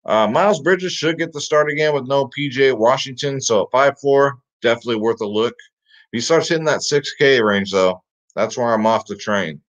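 Speaking at a moderate pace in a mid-range voice, a man hosts a fantasy sports picks show with casual energy. "Guys" and "get him in there" recur throughout, over slightly dull lo-fi audio.

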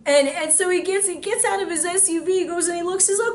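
A woman's voice: very high voice, normal speed, hardly any pauses. A middle-aged woman minister preaching and telling funny stories with lots of laughter. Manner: animated, laughing storyteller. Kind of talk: sermon storytelling. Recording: echoey room, faint background noise.

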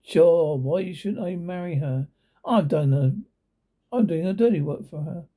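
A man's voice: a little high, a little slow, dark tone. A man reading a storybook, voicing a brash, greedy down-and-out bum who talks in cocky tough-guy slang.

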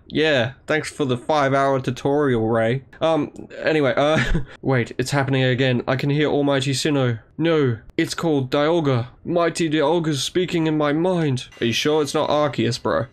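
A young man giving let's play commentary, excitable and sarcastic, who swears and reads the game's dialogue aloud. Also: mid-range voice, fairly quick. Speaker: gaming YouTuber.

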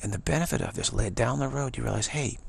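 A man speaking in a rambling spiritual monologue, halting and restarting, with mocking asides. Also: mid-range voice, creaky, husky.

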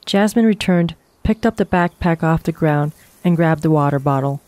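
A woman narrating a horror short story in a calm, even storytelling voice. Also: deep voice, normal speed, no echo.

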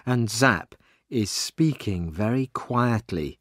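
A man narrating a simple story slowly and clearly for English learners. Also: fairly low pitch, dry recording, studio quality. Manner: slow, clear and expressive reading.

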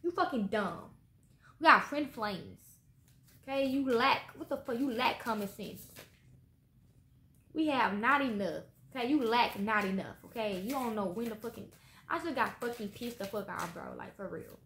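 A woman's voice: a little high, moderate pace, pushed and bright. A woman doing a casual tarot reading for viewers, blunt and heavy on swearing, tagging her lines with "okay?". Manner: blunt and profane, swearing often; trails off with repeated "okay?" tags. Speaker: tarot card reader. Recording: echoey room with faint background noise.

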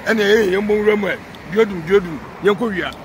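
A man with a Ghanaian accent talking in a casual street chat, animated and rapid, switching between Twi and English. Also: high voice. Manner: animated, talks fast mixing Twi and English. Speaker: street interviewee. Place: outdoors on a city street. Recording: outdoor street with traffic noise.

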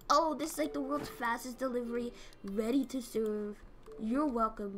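A woman streaming a game, talking casually in an excitable, jumpy way and swearing often. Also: a little high, measured pace, soft background music. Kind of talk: casual gameplay commentary.

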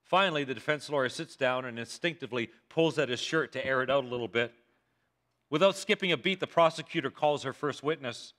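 A man's voice: mid-range voice, a little fast, bright, forceful tone. A male pastor preaching a sermon told as a dramatic courtroom story, voicing the characters himself. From Canada. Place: church sanctuary.

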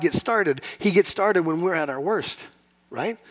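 Impassioned male preacher, slightly high voice. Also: animated, measured pace. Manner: impassioned, rising to loud emphatic peaks; rhetorical questions to the congregation. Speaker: pastor. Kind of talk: sermon.

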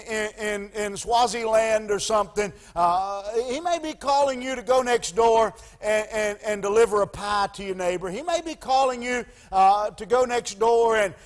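Halting pastor with a high voice. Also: male voice, big-room sound. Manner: halting, with many 'uh' pauses and restarts. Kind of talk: sermon. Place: church sanctuary.

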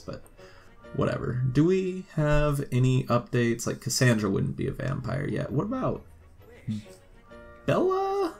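Animated joking gamer guy. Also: medium pitch, vocal fry, slightly rough. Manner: animated, joking, talks to the game characters. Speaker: gaming video host. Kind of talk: casual let's-play commentary.

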